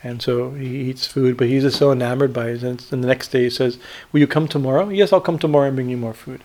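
A man teaching scripture in a spiritual discourse, retelling a story with many pauses and fillers and checking in with "right?". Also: mid-range voice, steady tone, darkish tone. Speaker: swami teacher.

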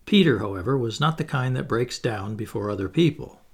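A man narrating a classic storybook in a measured, expressive reading. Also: mid-range voice, breathy edge. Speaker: audiobook narrator.

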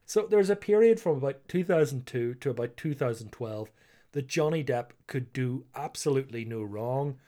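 A man's voice: mid-range voice, animated, normal speed, warm tone. A young man from Northern Ireland telling a true story in a chatty, rambling way. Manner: chatty and rambling, frequent "like" and "you know". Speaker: history storyteller host. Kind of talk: casual storytelling monologue.

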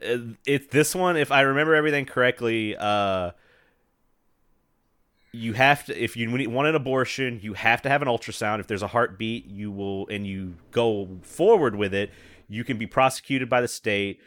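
A man's voice: medium pitch, normal speed, clear, resonant tone. A man from the American South in casual, profane podcast chat, laughing often and telling stories. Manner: animated, laughs often, swears freely.

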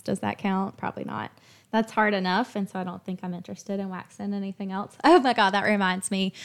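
A woman in her thirties hosting a casual chat, laughing along and then slowly leading affirmations. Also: medium pitch, bright, forceful tone. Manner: laughing, upbeat, slows down for affirmations. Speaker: host.

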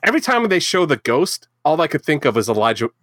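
A man's voice: a little high, very animated, fast talker, a bit bright, no room sound, clean studio sound. A man co-hosting a casual chat, joking and rambling, trailing off mid-thought. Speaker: podcast co-host.

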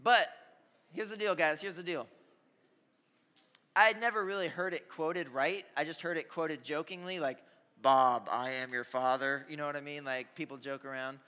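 Energetic young preacher in a reverberant hall. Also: male voice, fairly high pitch, moderate pace. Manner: energetic storytelling with audience call-outs. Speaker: youth pastor. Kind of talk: sermon.

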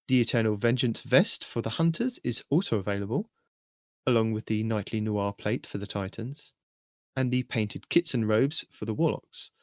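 A man hosting a weekly game update, reading through a scripted news rundown in a steady, even delivery. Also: medium pitch, dry recording, studio quality.

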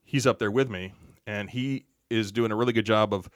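A man on a podcast as a guest, telling a relaxed, chatty anecdote full of asides. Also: fairly low pitch, moderate pace, no echo, studio quality. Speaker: podcast guest, actor and stuntman. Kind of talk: casual storytelling on a podcast.

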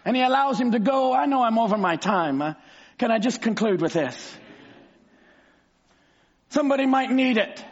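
A fervent male preacher with a very high voice for a man, swinging from soft storytelling into loud, drawn-out shouts. The recording sounds slightly dull. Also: expressive. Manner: fervent, bursts into shouts, stretches words. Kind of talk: sermon.

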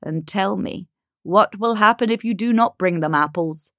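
A woman's voice: mid-range voice, normal speed, fairly bright tone, dry recording, clean studio sound, natural voice. A woman voicing December, a kindly old man, in a storybook reading. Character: old kindly winter month, gentle older man.

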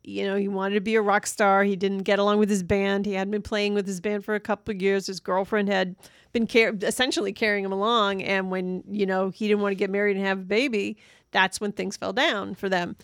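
A woman in a relaxed movie review chat, recapping a story in a conversational way with frequent restarts. Her voice sits in an ordinary middle range and sounds close and dry, with no room sound. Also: mid-range voice, a little fast, clean tone, no room sound. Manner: conversational, summarizes plot with hesitant restarts.

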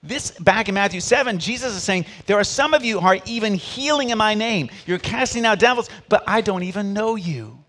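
Middle-aged man, pastor, preaching, high voice, swoops up and down, calls on the congregation to repeat. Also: animated, brisk, few pauses. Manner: preaching with sharp rises and drops in volume, call-and-response. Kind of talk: sermon.

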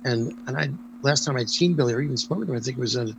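An older man, a former stage performer, telling a lively anecdote in an interview with frequent ums and restarts. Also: mid-range voice, very fast, vocal fry, noisy background. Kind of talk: storytelling anecdote in conversation.

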